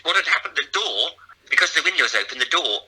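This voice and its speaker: A man guesting on a casual chat, telling lively stories and acting out the other people in them. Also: on the high side, fast, slightly rough, rough recording. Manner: lively storyteller, acts out other voices. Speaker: guest, performer.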